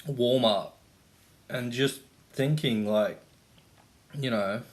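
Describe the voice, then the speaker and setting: Speaking slowly in a mid-range voice, a young Australian man rants to camera as a vlogger. His casual delivery is rambling and profane, packed with fillers.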